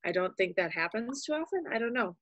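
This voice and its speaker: A woman's voice: medium pitch, expressive, fast, fairly bright tone, no room sound, rough recording. Rambling woman sales rep. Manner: rambling with many fillers. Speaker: sales rep on a team call. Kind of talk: casual meeting talk.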